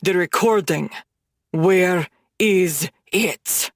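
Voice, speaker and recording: Casting: woman doing a low, growling menacing man in an audiobook, slow deliberate delivery. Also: no room sound, clean studio sound. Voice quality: growling, rasping.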